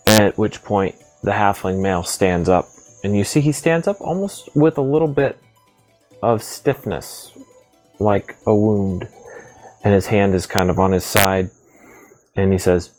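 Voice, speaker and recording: A deep, low-voiced man running a tabletop game, describing the scene at an unhurried pace with frequent pauses and ums. Faint music plays in the background. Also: a little mellow, low-quality recording. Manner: slow, descriptive, many fillers. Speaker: game master.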